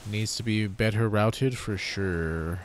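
A man's voice: lowish voice, slow pace, slight background noise. A man giving casual gameplay commentary, grumbling and swearing freely in frustration. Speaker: gaming streamer.

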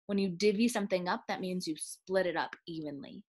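A woman reading a children's picture book aloud in a sing-song, expressive way, slowing down for the refrains. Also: on the low side. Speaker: storyteller.

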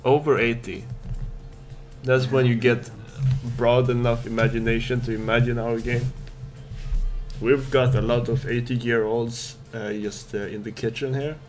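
A man's voice: medium pitch, level tone, unhurried, faint music behind. A man casually talking through his game development work, laughing often and trading jokes with a colleague. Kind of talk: casual banter while working.

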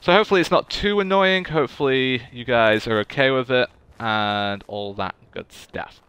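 A man's voice: medium pitch, moderate pace, fairly bright tone, clear, resonant tone. A young man streaming a video game, chatting in a goofy, casual way to his viewers. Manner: chatty, goofy, talks to chat. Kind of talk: casual gaming livestream chat.

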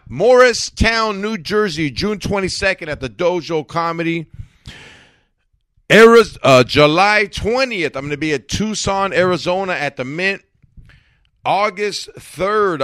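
A comedian host tosses out slangy, joking banter with his friends, calling them homie and dog. His voice sits a bit high for a man and is recorded close and dry, with no room around it. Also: fairly bright tone, dry recording. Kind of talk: casual joking chat with friends.

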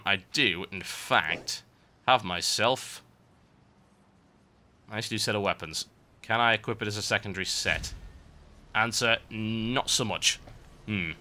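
Sarcastic male gameplay commentator, rambling, very bright tone. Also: lowish voice, unhurried. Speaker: game commentator. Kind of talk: let's play commentary. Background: game music.

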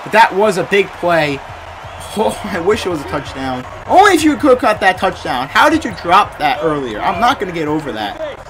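A young gaming creator talks over his football game in a fairly high voice that leaps around wildly. He rants in frustration, dropping to grumbles and then bursting into shouts. A steady hiss of noise sits under the recording. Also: normal speed. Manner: frustrated ranting at the game, swinging between mutters and shouts. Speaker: gaming YouTuber. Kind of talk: live gameplay commentary.

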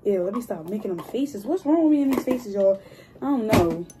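A woman in her twenties chatting excitedly to her viewers in a hair vlog, gushing and talkative. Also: medium pitch, a little fast, background noise. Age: 20s. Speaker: hair vlogger. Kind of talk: casual chat to viewers. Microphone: phone.

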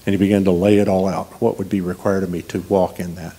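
A man with a somewhat low voice delivers a sermon as a guest preacher. He talks in a relaxed, conversational way, weaving personal stories with humor. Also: fast, husky. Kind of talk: storytelling sermon.

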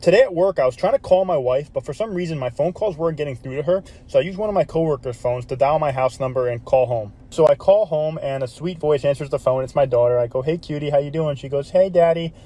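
A man telling a joke story in a brisk, lively way. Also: on the high side.

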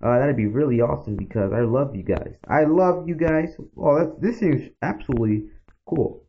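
A gaming channel host with a medium-pitched voice talks at normal speed while playing a game. His commentary is casual, chatty and rambling, aimed straight at his viewers, and the dull lo-fi mic carries faint noise.

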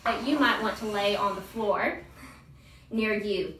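A woman in her thirties, a homeschool teacher who hosts a channel, coaches a child through a grammar lesson by chanting verb forms in a cheerful sing-song. Her medium-pitched voice is unhurried, bright and forceful. It sounds distant in a roomy, echoing space, with slight background noise.

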